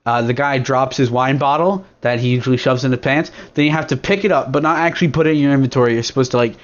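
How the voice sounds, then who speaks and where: A man's voice: medium pitch, fast talker. Rambling young man on a lo-fi podcast. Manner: rambling, crude, full of fillers and restarts. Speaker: podcast host. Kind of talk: casual rambling chat. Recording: dull lo-fi recording.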